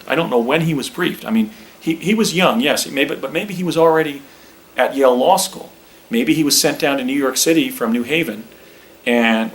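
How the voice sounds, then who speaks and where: A man's voice: medium pitch, a little hiss or hum, poor audio. Rambling middle-aged man giving a presentation. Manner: rambling, many restarts. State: a little out of breath. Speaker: speaker recounting personal claims. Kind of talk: presentation with slides.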